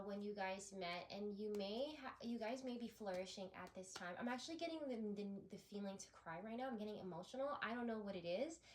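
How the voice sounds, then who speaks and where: A woman's voice: medium pitch, a little hiss or hum. A woman doing a spiritual tarot reading, talking in a rambling, effusive way with frequent restarts. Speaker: tarot reader.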